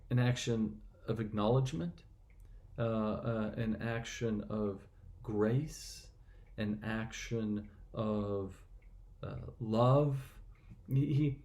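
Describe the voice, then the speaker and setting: A man's voice: medium pitch, warm tone. A man reading a scripture passage and then reflecting on it in an earnest, conversational way, often restarting his sentences. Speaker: church reflection speaker.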